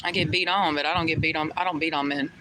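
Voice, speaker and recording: A woman's voice: low voice, fairly even intonation, fast talker. A young woman talking to her chat on a livestream, indignant and profane, firing the same rhetorical questions again and again. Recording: loud vehicle noise behind.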